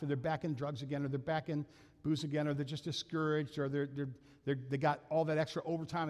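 A man preaches from the pulpit in a casual, storytelling way, often laughing at himself. His voice sits a little on the high side. The sound carries a long reverb from the church hall. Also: a little mellow. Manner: conversational, self-deprecating, laughs often. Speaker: pastor. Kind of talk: sermon storytelling. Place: church sanctuary.

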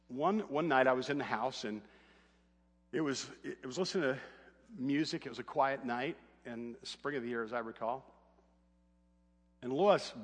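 This is a middle-aged pastor recorded in a large hall, his medium-pitched voice carrying a breathy edge. Animated and funny, he recounts a family story from the pulpit and acts out the quoted voices.

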